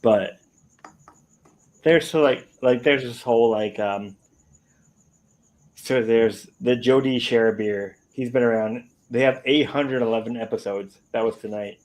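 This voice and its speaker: A man's voice: mid-range voice, unhurried, poor audio. A man chatting loosely on a live stream and swearing casually.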